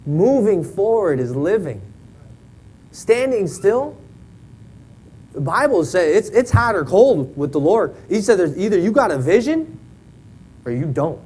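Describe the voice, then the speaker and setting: A man's voice: on the high side, darkish tone, slight background noise, rough recording. A man in his thirties preaching a folksy, joking sermon in a church, often checking in with "right?". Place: church sanctuary.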